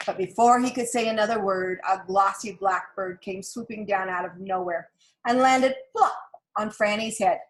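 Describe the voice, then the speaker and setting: Here a woman narrates a children's picture book, her delivery tender and full of expression. She keeps a medium pitch and moves at a moderate pace.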